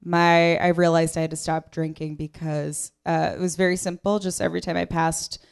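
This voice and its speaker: A woman comic doing a stand-up set with a dry, deadpan, self-mocking delivery, on a live comedy stage into a handheld mic. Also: fairly low pitch, moderate pace, creaky, clean tone.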